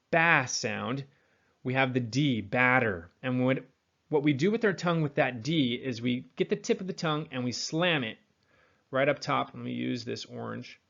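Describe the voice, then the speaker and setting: A man teaching accent and pronunciation, demonstrating sounds slowly and repeating words, with a General American accent. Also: medium pitch, vocal fry, fairly bright tone, lo-fi sound. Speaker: accent coach.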